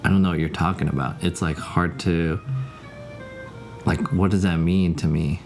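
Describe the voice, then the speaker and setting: A man's voice: sits low, fairly even intonation, moderate pace, gravelly, darkish tone. A man live streaming from home, chatting casually, rambling and swearing as he answers his viewers. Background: music playing.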